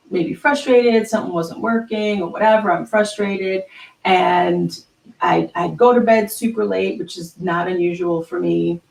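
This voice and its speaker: Gravelly motivational woman, set back in a roomy space. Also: lowish voice, distant mic. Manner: emphatic, keeps asking "right?". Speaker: host. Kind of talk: motivational live talk.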